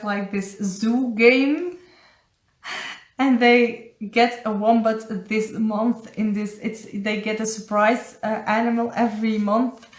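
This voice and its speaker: Dutch-accented woman doing a live card reading, slowish, kinda high voice, stops to hunt for english words, echoey room. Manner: halting, searching for English words. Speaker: spiritual coach. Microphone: phone or webcam on a live stream.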